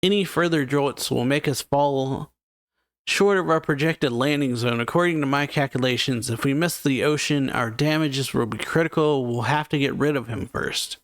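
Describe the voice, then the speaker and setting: A man reads out a calculating cyborg girl scientist, pitched slightly up and hurried. The reading is plain and the sound is dry and close. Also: no echo, close to an everyday voice. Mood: urgent. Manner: reading manga lines aloud, slightly raised.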